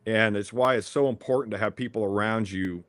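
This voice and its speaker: A man's voice: on the low side, fairly quick, a bit bright, no room sound. A man, a former athletic director, telling an earnest, rambling story with many restarts in a podcast interview.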